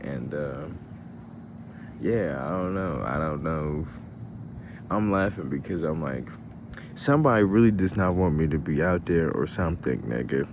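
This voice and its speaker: A man's voice: very deep voice, lively intonation, moderate pace, highs cut off, background noise. A young man, hosting a casual travel vlog, rambling and swearing as he talks through his frustration and laughs at it. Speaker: show host.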